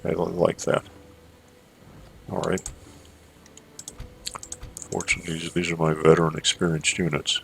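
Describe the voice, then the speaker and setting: Gravelly low-voiced man narrating gameplay. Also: flat delivery, a bit bright, slight background noise. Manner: measured, thinks aloud with fillers. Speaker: gameplay commentator. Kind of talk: strategy gameplay commentary.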